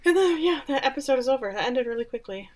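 A woman's voice: high voice, expressive, fast talker, a little mellow. A woman co-hosting a podcast in casual chat, chiming in with thoughtful analysis. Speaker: podcast co-host.

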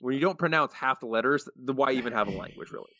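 A man's voice: medium pitch, fast talker, sharp tone, dry recording, lo-fi sound. A man co-hosting a podcast, reading listener quotes aloud in a joking, opinionated way. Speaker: podcast co-host. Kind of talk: casual podcast chat.

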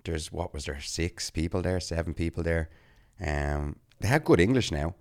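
A man's voice: deep voice, lively intonation, moderate pace. A man, co-hosting a podcast, telling a story in a chatty way and laughing often. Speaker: podcast co-host. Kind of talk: casual podcast chat.

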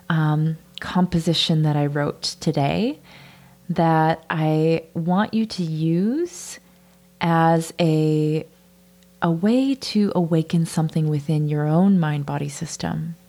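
A woman hosting a podcast, speaking gently and softly and slipping into a breathy whisper at times as she slowly reads a letter aloud. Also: low-pitched. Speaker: podcast host. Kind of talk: podcast monologue and slow reading of a letter.

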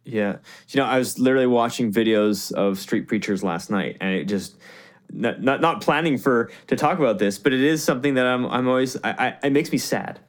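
Man asking long rambling questions. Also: mid-range voice. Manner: halting, rambling questions with many restarts. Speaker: podcast host. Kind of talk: podcast interview.

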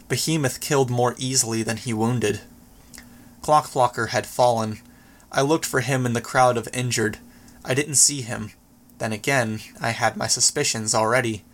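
Male audiobook narrator, steady reading. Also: medium pitch. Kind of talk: first-person audiobook narration.

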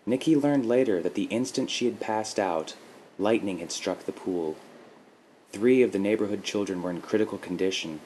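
Deep voice guy reading a story, even and steady, faint hiss in the background. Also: moderate pace, poor audio. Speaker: podcast host and story reader. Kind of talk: scripted story narration.

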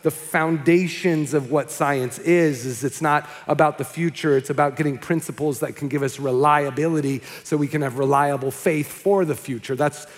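A man preaching to his congregation in a loose, conversational way, telling stories and checking in with "okay?" His voice sits a little high for a man. A large hall adds a long echo behind him. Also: fairly even intonation, normal speed, few pauses. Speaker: pastor. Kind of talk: sermon.

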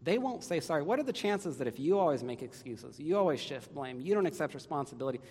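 A man's voice: fairly high pitch, sing-song, fast, a little mellow, breathy edge, in a large hall. A man preaching a sermon as a pastor, earnest and emphatic, driving points home with repeated phrases.

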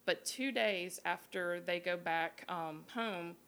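A woman hosting a live podcast, retelling a scary campfire tale in a casual, profane, animated way with quoted voices. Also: on the low side, takes it slowly, smooth. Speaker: podcast host. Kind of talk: casual storytelling. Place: live show at a beer garden.

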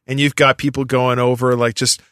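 A man with a bright, forceful voice talks casually and tells a rambling story. His fillers pile up as he gets into it. The sound is dry and close. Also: medium pitch, little pitch movement, fairly quick, smooth, no room sound. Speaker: podcast guest. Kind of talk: casual chat.

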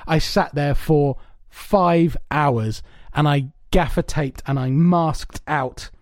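A man co-hosting a podcast in casual chat, telling long stories in an animated, rambling way with lots of swearing. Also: on the high side, takes it slowly, no echo. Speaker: podcast co-host. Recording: dry, soundproofed home room.

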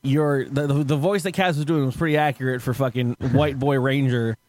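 A man's voice: mid-range voice, steady tone, brisk, darkish tone, no echo. A man hosting a podcast, telling stories in casual chat, rambling, swearing and laughing often. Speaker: podcast host.

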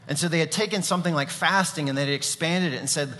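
A man's voice: fairly high pitch, fast, hardly any pauses, sharp tone. A man preaching a sermon as pastor, telling stories casually with fillers and asides. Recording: long reverb of a large hall.

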